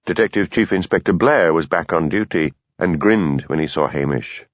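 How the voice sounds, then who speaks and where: Low-voiced male audiobook narrator. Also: normal speed, no echo, highs cut off. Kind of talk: scripted narration.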